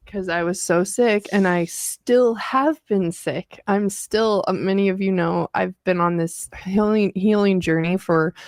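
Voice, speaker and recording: A woman's voice: mid-range voice, darkish tone, no echo, studio quality. A woman co-hosting, telling her story casually and directly to viewers, with many filler words. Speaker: co-host sharing her health journey. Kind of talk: casual personal talk.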